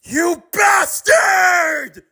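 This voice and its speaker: A man voicing an enraged young male hero in a fan-made audio drama, shouting in fury. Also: sits high, expressive, extremely slow, breathy edge, voice pushed up, exaggerated voice. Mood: furious. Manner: shouting in rage.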